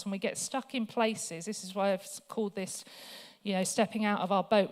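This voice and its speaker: A woman's voice: medium pitch, darkish tone. A woman speaking at a church, telling funny personal stories in a chatty way with many fillers before she turns to scripture. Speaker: guest speaker.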